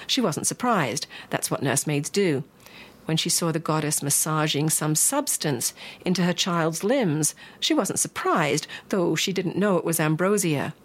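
A woman telling a myth in a gentle, expressive, unhurried way. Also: fairly low pitch, husky. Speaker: storyteller. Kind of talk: myth storytelling.

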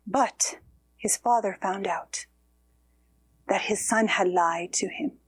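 A woman telling a story in the first person as a weeping ghost mother who lost her children, in a slow, sorrowful manner with sighs and soft whispers. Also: mid-range voice, slightly rough, dry recording.

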